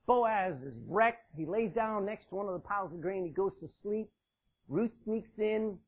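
Male pastor, high and lively voice, husky, dull lo-fi recording. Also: normal speed. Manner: animated, swings from loud emphasis to hushed asides. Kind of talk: sermon. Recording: dull, lo-fi sound.

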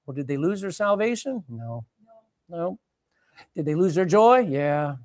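A woman preaching a sermon, dramatic and animated, repeating phrases for emphasis and swinging between loud and hushed. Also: fairly low pitch, measured pace, no room sound, studio quality.

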